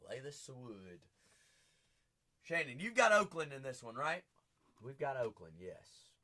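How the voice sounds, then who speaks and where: Male live-stream card break host, standing, unhurried delivery, big swings into shouted hype. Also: medium pitch, very animated. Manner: hype-driven, bursts into shouts; chatty, teasing viewers by name. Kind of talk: live-stream auction patter.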